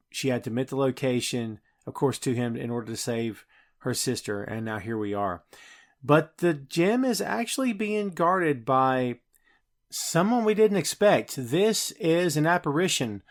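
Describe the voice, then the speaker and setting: A man hosting a podcast and recapping a film scene by scene in casual, enthusiastic chat full of fillers. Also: medium pitch. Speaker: podcast host.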